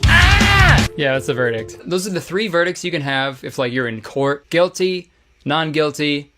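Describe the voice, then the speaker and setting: A man's voice: fairly high pitch, normal speed, over loud music. A man doing comedic video commentary, sarcastic and profane, often incredulous at what he is watching.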